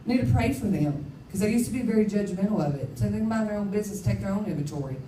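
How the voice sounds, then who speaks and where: A woman's voice: mid-range voice, animated, quick pace, mellow, a little hiss or hum. A woman giving a candid, emphatic personal testimony as a conference speaker, often laughing at herself. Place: conference hall. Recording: roomy hall, speaker far from mic.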